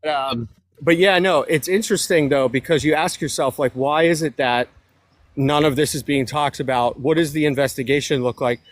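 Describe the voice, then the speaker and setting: Casual co-host, a man walking outside and short of breath, wry and loose, fairly high, close and dry. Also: normal speed, dry recording. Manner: sarcastic, joking, loose. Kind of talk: casual political commentary chat. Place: outdoors by a road, walking.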